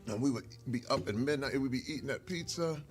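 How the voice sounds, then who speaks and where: Over a meal, a male guest shares stories from his own life in easy conversation, animated and earnest and at times emotional. He speaks at a quick pace in a medium pitch, with faint music in the background.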